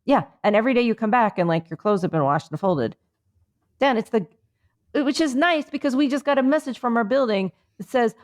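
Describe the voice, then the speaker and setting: A somewhat high, lively-sounding woman talks a little fast as she co-hosts a comedy podcast from her vacation. She rambles through a faux-serious mindfulness bit, leaning heavily on fillers.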